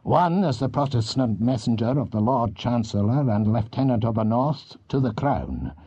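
A man voicing a domineering older Scottish earl in his fifties, with a low, gruff, commanding Scottish accent. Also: dark tone, highs cut off.

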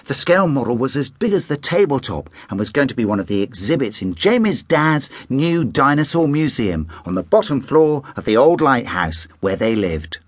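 A man narrating a children's audiobook in an animated storytelling manner, close on a studio mic. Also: mid-range voice, moderate pace, few pauses, dry recording.

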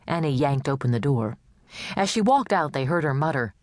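Low-voiced woman narrating an audiobook. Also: animated, moderate pace, darkish tone, dry recording, studio quality. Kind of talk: scripted narration.

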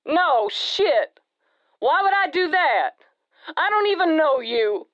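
A man's voice: very high voice, sing-song, slow pace, no room sound, lo-fi sound, voice pushed up, exaggerated voice. A woman reading an audiobook voices a despairing young man on a rooftop with a gun, weary and sullen. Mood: glum, hopeless.

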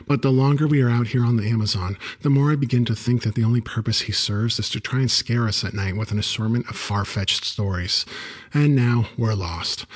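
A man reading a first-person story aloud as an audiobook narrator, in a wry, even storytelling manner. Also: on the low side, slightly rough.

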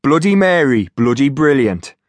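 A man voicing a cocky young male soldier with a Geordie accent, teasing loudly. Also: medium pitch, big pitch swings, moderate pace, no echo, pitched above the performer's own voice, close to an everyday voice. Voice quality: brash, teasing, loud.

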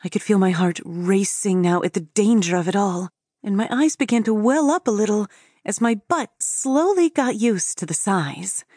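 A woman's voice: mid-range voice, animated, normal speed, darkish tone, breathy edge, dry recording, studio quality. A woman narrating a first-person story for an audiobook in an intimate storytelling manner.

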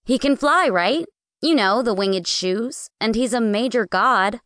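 A woman narrator voicing a blunt, mocking teenage girl who speaks in a brisk, teasing way. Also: fairly high pitch, a bit bright, no echo, clean studio sound, voice pushed up.

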